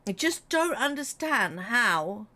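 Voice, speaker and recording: A woman's voice: on the high side, big pitch swings, takes it slowly, sharp tone. A British woman streaming a game and chatting casually with her viewers. She has a runny nose, jokes a lot, and reads out and answers messages from chat. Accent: British English. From Britain. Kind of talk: casual chat while gaming.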